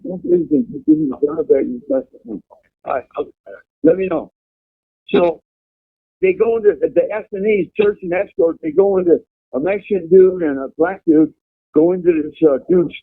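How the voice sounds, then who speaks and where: Man, gravelly, husky, profane rambling storyteller, tinny phone line. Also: a little high. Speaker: guest telling prison stories. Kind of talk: casual storytelling.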